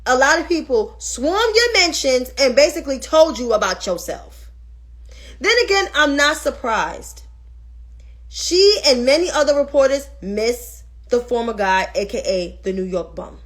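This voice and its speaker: A woman's voice: high-pitched, lively intonation, unhurried, a bit bright. A woman hosting a political commentary livestream, ranting heatedly and with lots of swearing, and answering viewers' comments as she goes. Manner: talks back to viewers' comments.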